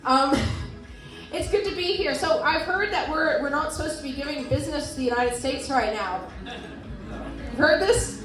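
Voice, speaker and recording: A woman's voice: high voice, normal speed, fairly bright tone, soft background music. A woman in her thirties with a New Zealand accent, doing a stand-up set with dry, self-deprecating jokes and crowd work. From Canada. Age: 30s. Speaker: stand-up comedian. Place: comedy venue with live audience. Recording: roomy live club sound.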